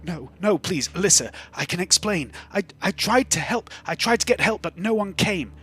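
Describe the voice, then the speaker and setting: A man's voice: medium pitch, fairly even intonation, a little fast, sharp tone, slightly rough. A man voicing a terrified male cyborg prisoner who begs desperately for his life. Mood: pleading. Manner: desperate, begging.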